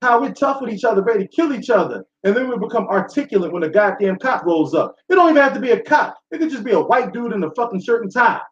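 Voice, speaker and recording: A man's voice: high voice, very animated, fast talker, few pauses. A man hosting a talk show, delivering a blunt, profane, preachy monologue to his listeners. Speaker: show host. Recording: echoey room, dull sound.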